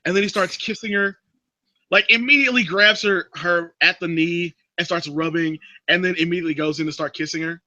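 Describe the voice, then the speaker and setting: Guy with a high bright voice telling a movie plot, dry close sound. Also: a little fast, no echo, muffled recording. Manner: animated storyteller, drops into a creepy low voice for quotes. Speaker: podcast host recapping a movie. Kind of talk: casual movie recap chat.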